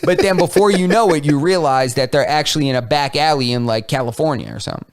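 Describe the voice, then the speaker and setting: A man co-hosting a podcast, telling a story in a casual, slangy, animated way. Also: on the high side, fast talker. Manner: animated storytelling, slangy, lots of "like" and "you know". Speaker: podcast co-host. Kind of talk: casual chat.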